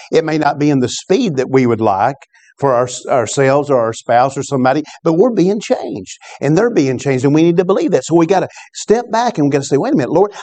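Preaching a sermon, this pastor has a mellow, warm voice pitched a bit high for a man. Now and then he breaks off with asides that prompt his congregation to call back.

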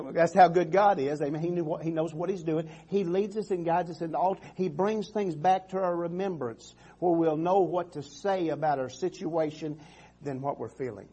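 A man's voice: on the high side, moderate pace, dark tone, slightly rough, highs cut off. A man preaching a sermon as pastor, calling out "Amen" and "come on" and often restarting his phrases. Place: church sanctuary.

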